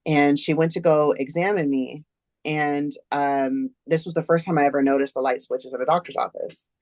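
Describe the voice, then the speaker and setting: A woman's voice: deep voice, fairly even intonation, normal speed, a little mellow. A woman shares a personal story as an interview guest. She recounts events earnestly, step by step. The recording is dry and close, with no room echo.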